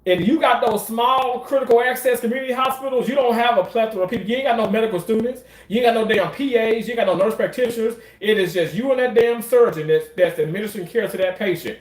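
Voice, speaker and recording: A man's voice: very high-pitched, fast talker, few pauses, roomy sound. A man telling a story in a casual, emphatic way, swearing often and repeating phrases for effect. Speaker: commentator.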